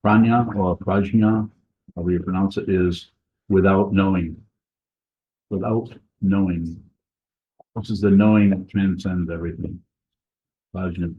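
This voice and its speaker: A man giving a Dharma talk as a Buddhist teacher, speaking slowly and haltingly with many pauses and restarts, in a monastery meditation hall. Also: low voice, flat delivery, slight background noise. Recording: echoey, dull room recording.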